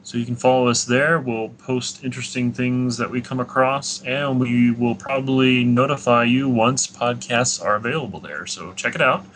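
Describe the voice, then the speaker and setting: A man's voice: medium pitch, fairly even intonation, normal speed, few pauses, a bit bright, slight background noise. A man co-hosting a podcast in casual chat, upbeat as he plugs the show. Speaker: podcast co-host.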